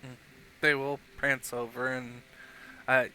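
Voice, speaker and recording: Bright-voiced man running a tabletop game. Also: mid-range voice, soft background music, low-quality recording. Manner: animated storytelling, halting fillers. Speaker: game master.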